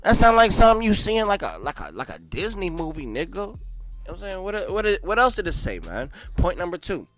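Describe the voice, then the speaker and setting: A young man reading a history book aloud, breaking in with loud, slangy asides and dropping to quiet mumbled reading. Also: sits high, fairly quick, soft background music. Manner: animated slangy asides between read passages. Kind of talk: casual read-along with commentary.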